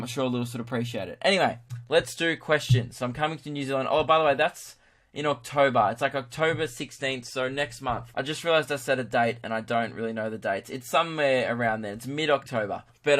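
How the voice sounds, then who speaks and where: A young Australian man rambles through a solo podcast in a loose, offhand way. His voice sits at an ordinary middle pitch, and he drifts between plugs and half-finished thoughts. He swears freely and breaks into laughter at his own jokes. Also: fairly quick, a bit bright. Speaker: comedian podcast host. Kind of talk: casual solo podcast chat.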